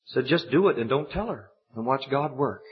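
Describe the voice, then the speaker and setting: A man preaching a sermon, telling a personal story and building to high, emphatic exhortation. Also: expressive, fairly quick. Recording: dull lo-fi recording.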